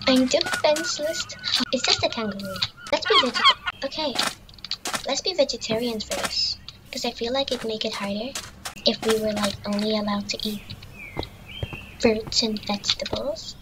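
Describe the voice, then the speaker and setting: A woman's voice: a little high, big pitch swings, moderate pace, heavy background noise. A young woman commenting on a horror game as she plays, jumpy and pleading when scared, with game music behind her. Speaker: VTuber gamer.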